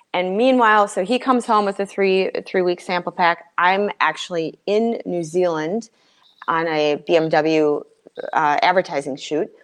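A middle-aged woman appears as a guest to share her personal story, speaking earnestly but haltingly in a low voice, with many fillers and restarts.

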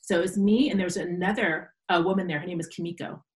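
A woman in her forties speaks as a guest on an interview show. She tells her stories in a relaxed, conversational way. When she quotes other people, she acts them out in a higher voice. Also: fast talker, rough recording. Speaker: podcast guest, educator. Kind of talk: casual storytelling interview.

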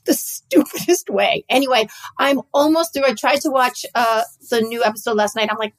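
A woman co-hosting a podcast in casual chat, animated and quick to jump between topics with mock-exasperated asides. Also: on the high side, low-quality recording. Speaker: podcast co-host.

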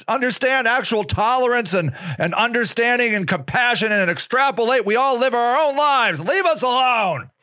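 A man with a high, bright voice rants through a solo podcast monologue. He is sarcastic and profane, dropping into mocking voices, and his voice sounds dry and close. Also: dry recording. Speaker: podcast host. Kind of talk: opinionated monologue.

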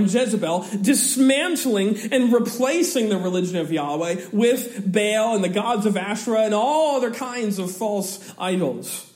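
High-voiced man teaching scripture, roomy. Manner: animated, chuckles often, reads scripture aloud. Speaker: Bible teacher. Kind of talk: Bible study teaching.

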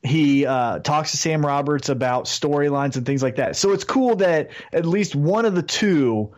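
A man's voice: fairly high pitch, expressive, moderate pace, lo-fi sound. A man co-hosting a wrestling podcast, ranting animatedly with plenty of swearing in casual chat. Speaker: podcast co-host.

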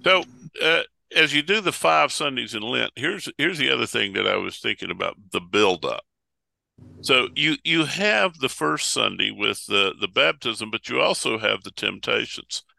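A pastor talking over preaching texts in casual conversation, a folksy storyteller who acts out the voices of Bible figures. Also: male voice, mid-range voice, expressive, normal speed, gravelly, pushed and bright, no room sound.

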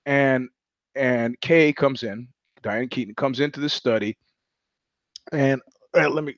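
A man hosting his own podcast, talking through a film in an animated, digressive way and acting out the lines of its characters. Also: medium pitch, unhurried, pauses often, dry recording, highs cut off. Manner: animated, digressive storyteller who acts out quotes. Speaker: podcast host. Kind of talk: solo monologue about film. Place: home room.

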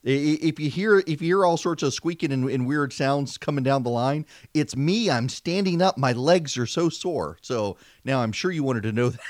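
Animated talk radio host, dry studio sound. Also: male voice, mid-range voice, normal speed, hardly any pauses, no echo. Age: 40s. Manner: chatty, self-deprecating, animated. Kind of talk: casual political talk radio. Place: home studio, seated at a mic. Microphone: studio microphone.

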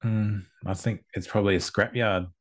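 A man's voice: lowish voice, fairly even intonation, normal speed. Easygoing male co-judge describing photos. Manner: easygoing, descriptive, hesitant with fillers. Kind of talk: casual chat.

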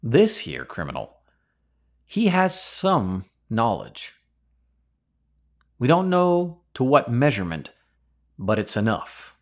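A man's voice: mid-range voice, wildly swooping pitch, slow pace, pauses often. A man teaching scripture verse by verse on a podcast, conversational and full of rhetorical questions. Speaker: podcast preacher.

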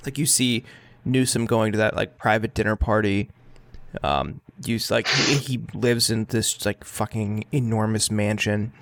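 A man's voice: on the low side, measured pace, a bit bright, no echo, studio quality. A man co-hosting a podcast in casual talk, heated and swearing, with many filler words. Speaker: podcast co-host.

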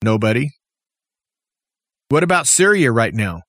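A man's voice: medium pitch, sing-song, measured pace, a bit bright, no room sound, clean studio sound. A man delivering an indignant political opinion monologue as a podcast host, piling up rhetorical questions and repeating phrases for emphasis.

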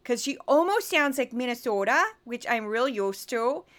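A woman from the Midwest with a Missouri accent, hosting a podcast in chatty, animated commentary. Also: on the high side, moderate pace. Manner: chatty, animated, often laughing. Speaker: podcast host. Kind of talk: casual commentary.

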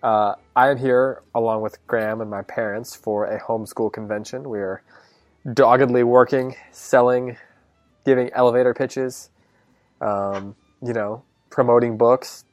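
A man's voice: medium pitch, fairly even intonation, unhurried, no echo, faint music behind. A man hosting a podcast from a hotel room, chatting casually and joking, speaking through wired earbuds. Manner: joking, chatty, with filler words. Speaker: podcast host. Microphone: wired earbud headset.

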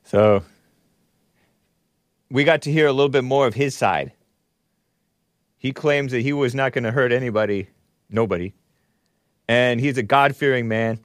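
A man's voice: medium pitch, normal speed, pauses often, dry recording, studio quality. A man hosting a talk show, giving casual commentary on news clips with wry, chuckling asides. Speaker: show host.

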